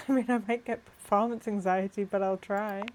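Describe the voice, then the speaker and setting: A woman playing a dating video game, joking with a dry, deadpan delivery. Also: mid-range voice, moderate pace, noisy background. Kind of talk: casual game commentary.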